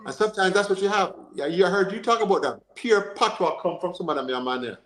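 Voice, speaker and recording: High-pitched and quick, a Jamaican man hosting a football podcast talks casually in an echoey room. He keeps the energy animated, repeats himself, and often checks in by asking "you understand?"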